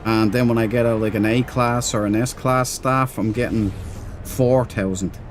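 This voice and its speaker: A man's voice: medium pitch, steady tone, unhurried, a little hiss or hum. A man streaming a game, chatting loosely with viewers, rambling and laughing easily. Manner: rambling, chatty, reads and answers chat. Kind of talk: casual live-stream chat.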